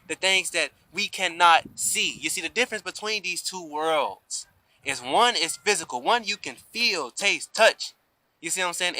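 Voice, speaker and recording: A man's voice: on the high side, sharp tone, no room sound, poor audio. A man giving an emphatic spiritual talk to a camera outdoors, often asking "you see?". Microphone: camera mic.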